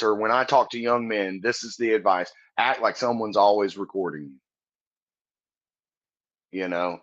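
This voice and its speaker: A man's voice: fairly low pitch, pushed and bright, muffled recording. A comedian guest on a podcast, a man telling stories in a casual, earnest and profane way, often laughing as he talks. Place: Texas.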